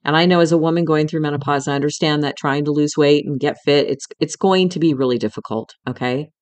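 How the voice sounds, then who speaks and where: This is a middle-aged woman with a deep voice and a quick pace, hosting a podcast. She tells a personal story candidly and emotionally, swears a little, and talks to the listener directly, like a friend.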